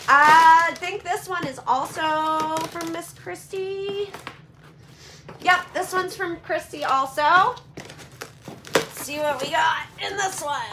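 A woman vlogger opening donation boxes and chatting to her viewers in a gushing, excitable way. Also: high voice, a little hiss or hum. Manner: gushing and excitable, repeats "oh my gosh" and "holy cow". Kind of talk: casual chat to viewers.

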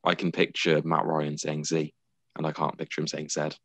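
A man's voice: very deep voice, completely flat delivery, moderate pace, fairly bright tone, no room sound. A man from the United Kingdom co-hosting a podcast in casual chat, tired and matter-of-fact, teasing his co-host.

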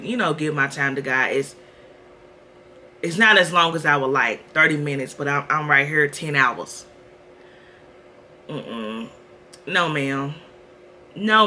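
Bright-voiced chatty woman vlogger. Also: deep voice, slight background noise. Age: 30s. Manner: candid, chatty, addresses viewers as y'all. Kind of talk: casual vlog chat. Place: at home.

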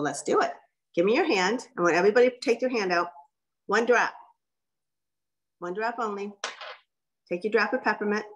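Lively woman coaching a workshop. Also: medium pitch. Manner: lively, direct, folksy coaching. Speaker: guest speaker. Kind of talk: workshop presentation.

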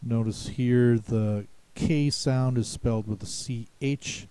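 A man slowly reading a vocabulary list as a teacher, pronouncing each word clearly. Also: medium pitch, fairly even intonation, warm tone, dry recording. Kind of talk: slow deliberate vocabulary lesson.

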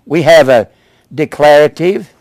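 A man in his seventies preaching a sermon as pastor, with emphatic rises and sudden low asides. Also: a little slow, dry recording. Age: 70s. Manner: emphatic preaching, rising to loud punches then dropping low.

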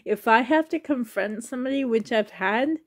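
This woman in her thirties, a YouTuber who collects reborn dolls, speaks at a normal speed with a fairly high pitch. Chatting casually on her vlog, she seems near tears and keeps laughing nervously.

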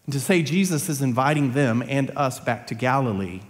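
Earnest preacher with a ringing church echo. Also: male voice, medium pitch, fairly quick. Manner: earnest, rising to emphatic peaks. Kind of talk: sermon. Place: church sanctuary. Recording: long church hall reverb.

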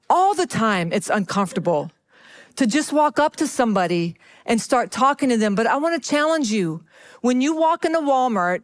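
A middle-aged woman pastor telling a story from the pulpit in a chatty, animated way, often checking in with her listeners. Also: a little high. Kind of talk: sermon storytelling.

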